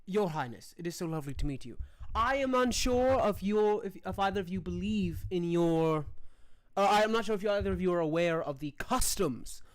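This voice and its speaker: Game master doing a fawning male noble, courtly, halting, many restarts, a little raised in pitch and loud. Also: lively intonation, natural voice. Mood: ingratiating. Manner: halting, full of restarts and fillers. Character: smooth-talking male noble courtier, flattering and polite.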